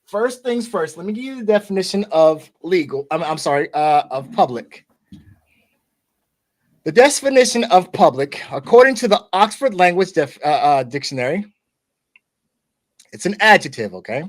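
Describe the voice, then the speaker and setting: A man's voice: sits high, animated, normal speed, pauses often. A man from the United States hosting a podcast in a loose, conversational way, with many restarts and "okay?" asides. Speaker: podcast host. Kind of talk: casual podcast discussion.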